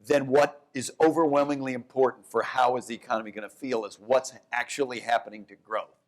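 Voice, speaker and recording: Animated man in a live onstage talk. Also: fairly quick. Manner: animated storyteller, jumps to high voices for quotes; restarts and self-corrections. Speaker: economics professor, guest. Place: downtown event hall with live audience.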